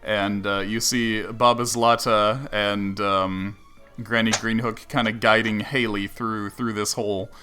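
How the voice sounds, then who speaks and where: A man's voice: on the low side, a little slow. A man running a tabletop game as game master, narrating with lots of fillers and laughs. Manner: animated, laughs often, many fillers and restarts.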